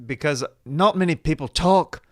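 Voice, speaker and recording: A man's voice: on the high side, normal speed, a bit bright, dry recording, studio quality. A man hosting a casual comedy podcast, joking loosely and laughing often. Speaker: podcast host. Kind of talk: casual chat.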